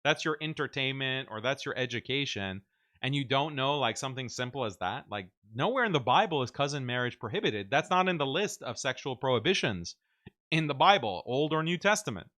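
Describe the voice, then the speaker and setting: A man hosting a casual commentary show, excitedly reacting and mocking quotes in a raised voice. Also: mid-range voice, a little fast. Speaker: host. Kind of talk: casual commentary on a debate clip.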